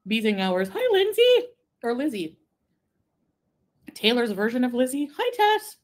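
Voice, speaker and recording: A woman from Quebec chatting casually on a live stream, reading viewer comments, rambling and giggling, sometimes trailing off into a soft mumble. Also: sits high, big pitch swings, measured pace, long pauses. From Quebec, Canada. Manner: rambling, easily distracted, giggly asides. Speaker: livestreamer.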